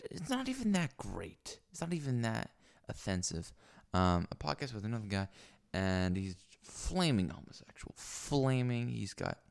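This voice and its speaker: Talking alone at a mic on a stand in a small room at home, this Los Angeles podcaster delivers a crude, rambling monologue packed with fillers and restarts. He has a fairly low, very animated voice with vocal fry, moving a little slowly and rarely pausing.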